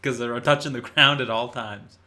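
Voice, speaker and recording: A man's voice: mid-range voice, fairly even intonation, normal speed, bright, forceful tone. A man co-hosting a podcast in casual chat, easygoing and dropping dry wisecracks. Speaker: podcast co-host.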